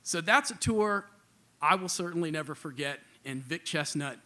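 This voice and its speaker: Storyteller, male, high bright voice, loose chatty delivery with quoted voices, live club stage. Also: moderate pace. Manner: casual, animated, acts out quoted voices, many fillers.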